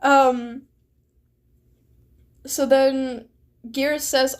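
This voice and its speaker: High-voiced, sarcastic woman streamer. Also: flat delivery, very slow, pauses often. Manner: sarcastic, giggly, swears. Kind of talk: casual live-stream chat.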